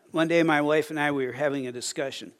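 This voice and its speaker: A middle-aged man delivers a sermon in a folksy, storytelling way, often stumbling over his words and restarting. His voice sits a little higher than most men's. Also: a bit bright. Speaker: pastor.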